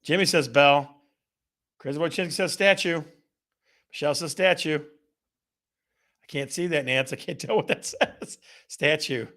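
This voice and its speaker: A man's voice: on the high side, measured pace, pauses often, sharp tone. A man hosting a casual live show, upbeat and playful, reading out viewer comments from the chat. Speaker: host of a real estate live show.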